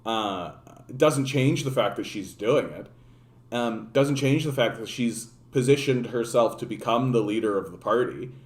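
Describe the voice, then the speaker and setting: A man's voice: medium pitch, moderate pace. A man giving a casual political rant as a streamer, sarcastic and profane, rambling with fillers and restarts. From Canada. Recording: echoey room.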